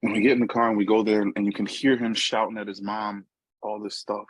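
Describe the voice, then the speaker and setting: A man's voice: fairly low pitch, little pitch movement, fast talker, slightly rough, no echo, low-quality recording. A middle-aged man from New York with a New York accent, giving a personal recovery talk in a conversational storytelling way with frequent asides to listeners. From New York, USA. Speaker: recovery meeting speaker.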